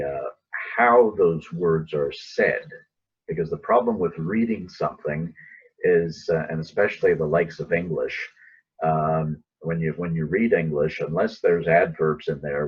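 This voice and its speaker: Very deep, husky man teaching the Bible. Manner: conversational, acts out quoted lines. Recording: dull lo-fi recording.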